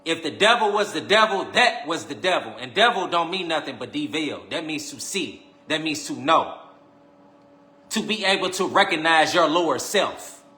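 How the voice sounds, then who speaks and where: A man hosting a live stream, preaching casually and teasing his viewers, repeating his lines and swinging between loud calls and quiet asides. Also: on the high side, animated, moderate pace. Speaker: livestream host.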